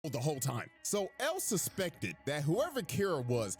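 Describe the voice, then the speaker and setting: A man's voice: a little high, wildly swooping pitch, moderate pace. A man comically retelling an anime plot, full of crude slang. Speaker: storyteller of a video recap. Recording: music underneath. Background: background music.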